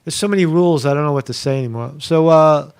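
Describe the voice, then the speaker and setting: A man's voice: a little high, fast talker, a little mellow, clean tone. Rambling, sarcastic, profane male host. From Pennsylvania. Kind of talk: live show monologue.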